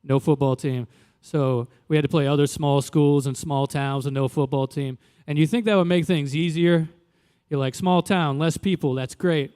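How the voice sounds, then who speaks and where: A young adult man from Louisiana doing a stand-up comedy set in a loose, conversational way, jumping into animated quoted voices. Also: a little high, moderate pace, smooth, in a large hall. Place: live comedy venue.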